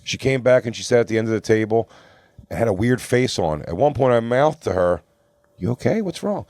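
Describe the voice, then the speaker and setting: A man's voice: mid-range voice, expressive, a little fast, darkish tone, dry recording, clean studio sound. A man co-hosting a comedy podcast, telling a rambling, profane story and acting out what others said. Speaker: podcast co-host. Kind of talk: casual storytelling among friends.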